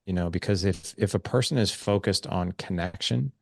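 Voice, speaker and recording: Low gravelly man telling stories. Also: moderate pace, darkish tone, dry recording, studio quality. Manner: loose, filler-heavy, storytelling. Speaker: podcast guest, men's coach. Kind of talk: casual conversational explaining.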